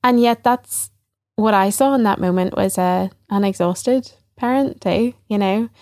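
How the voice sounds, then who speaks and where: In a clean studio with no echo, a middle-aged woman with a mid-range, darkish voice speaks at a measured pace. She's a trainer and ex-teacher being interviewed conversationally on a podcast, earnest and reflective, often recounting people's words to her.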